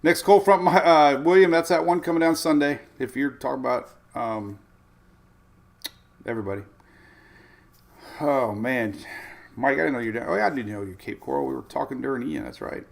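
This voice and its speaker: A man's voice: mid-range voice, gravelly. A middle-aged man hosting a casual weather livestream, thinking aloud with lots of fillers. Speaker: weather show host.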